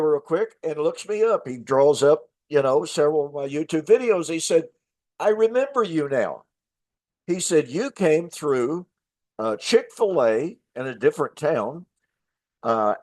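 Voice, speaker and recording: A man's voice: medium pitch, a little mellow, no room sound. Chatty older man telling a story. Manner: chatty storyteller, many fillers and restarts. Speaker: host, minister. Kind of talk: casual anecdote to viewers.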